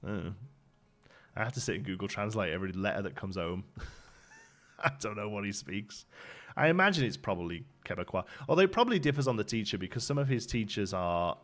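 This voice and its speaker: A man's voice: fairly low pitch, animated, a little fast, fairly bright tone. A man in his thirties from Birmingham with a Brummie accent, chatting casually as a game streamer, rambling with lots of restarts. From Birmingham, England. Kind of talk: casual live-stream chat. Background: faint background music.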